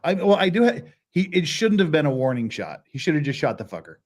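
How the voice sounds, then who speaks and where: A man's voice: on the high side, sing-song, fast talker. A man talking as a guest in a casual chat, blunt and crude, laughing often.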